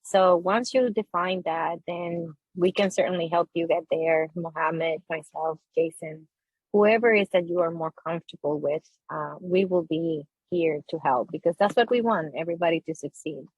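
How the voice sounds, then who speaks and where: A woman's voice: on the low side, moderate pace, a little mellow, husky, no room sound, low-quality recording. A woman whose first language is not English, speaking as a guest on a webinar panel in a friendly way, with many fillers and restarts. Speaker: guest speaker from a virtual assistant company.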